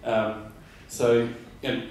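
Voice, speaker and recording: A man's voice: mid-range voice, little pitch movement, takes it slowly, darkish tone, a little hiss or hum. A man giving a conference presentation, rambling with many fillers and restarts. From Australia. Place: conference room. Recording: roomy hall from far off.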